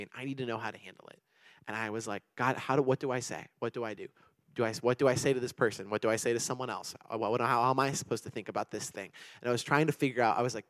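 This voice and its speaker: Fast-talking young man preaching casually. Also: mid-range voice, dry recording. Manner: animated, rambling storyteller with many restarts. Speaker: pastor. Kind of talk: casual sermon with personal stories.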